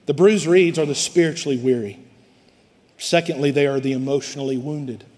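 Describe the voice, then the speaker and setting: A man preaching a sermon to his church, swelling loud and then dropping low. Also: fairly quick. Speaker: pastor. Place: church sanctuary. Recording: live hall reverb.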